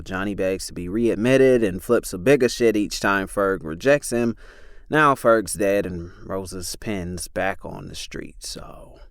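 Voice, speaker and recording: Measured male audiobook narrator, low and dry-recorded. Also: no room sound. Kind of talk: scripted narration.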